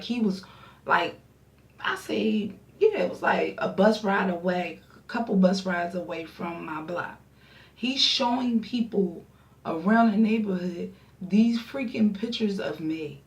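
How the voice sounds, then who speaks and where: Young woman vlogger, casual storyteller, lively voicing of friends, mid pitch, distant mic with room echo. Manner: animated, acts out friends' voices.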